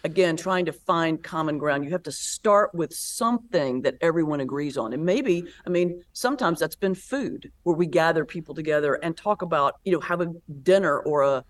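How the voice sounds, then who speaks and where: A woman pastor and comedian, a guest in an interview, telling stories in a lively, animated way. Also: low-pitched, normal speed, few pauses. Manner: animated storyteller, lively retelling with laughs. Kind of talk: conversational interview.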